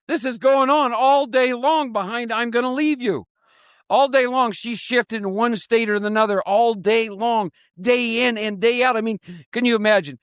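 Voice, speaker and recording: A man leading a live recovery workshop, talking in an animated, repetitive way and laughing often. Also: high-pitched, no room sound, studio quality.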